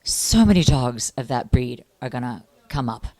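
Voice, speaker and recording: Low-voiced woman interviewer, earnest. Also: animated, moderate pace, dark tone, no room sound. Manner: earnest and talkative, with fillers and restarts. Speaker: interviewer and animal welfare activist. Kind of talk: casual on-camera interview.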